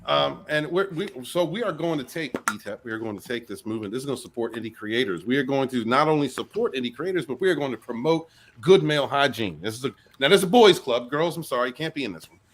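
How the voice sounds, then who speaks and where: A man hosting a loose online panel talk show. His voice is mid-pitched and swings widely and lively as he riffs and jokes. He keeps cutting in on the others. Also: fast, slight background noise. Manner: animated, joking, talks over others. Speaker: host. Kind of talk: casual panel chat on a livestream.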